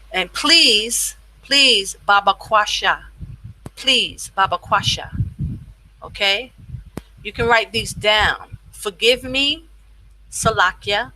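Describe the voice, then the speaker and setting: Woman teacher, slow and patient, very bright and sharp tone, repeats every phrase, dry close sound. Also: mid-range voice, rough recording. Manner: slow, repeats each phrase twice for learners; chatty asides, informal speech. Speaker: language teacher. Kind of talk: casual beginner language lesson.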